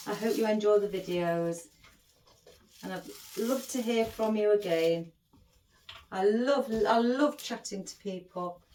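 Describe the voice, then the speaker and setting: A middle-aged woman with a mid-range, slightly mellow voice chats her way through a craft tutorial. She rambles and is affectionate toward her viewers, and the recording sounds echoey.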